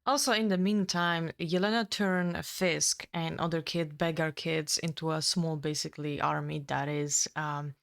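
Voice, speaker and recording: Low-voiced woman retelling a plot, halting. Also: fairly even intonation, gravelly. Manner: halting, many ums and restarts. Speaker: book reviewer co-host. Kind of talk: casual chat, retelling a plot.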